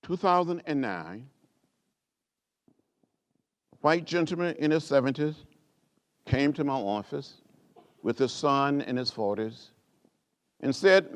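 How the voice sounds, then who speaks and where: An older man from rural Alabama, giving a measured, rhythmic speech with repeated phrases, like a preacher. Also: medium pitch, expressive. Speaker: guest speaker at a library author event. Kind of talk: oratorical storytelling speech.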